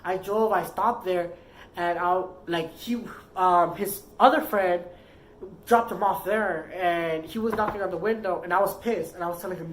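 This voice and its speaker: A woman's voice: on the low side, normal speed, a little hiss or hum, low-quality recording. A woman casually telling a personal story, rambling and filling her sentences with "like". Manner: rambling, heavy use of "like".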